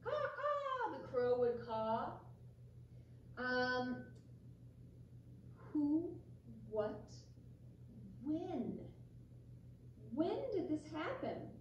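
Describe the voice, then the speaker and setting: A woman in her forties reads a story and teaches small children, gentle and unhurried. Her high voice moves about a lot. She sounds far from the mic in an echoey room. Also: animated, highs cut off, slight background noise. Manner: gentle, slow, talks to children. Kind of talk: storybook reading and kids' lesson.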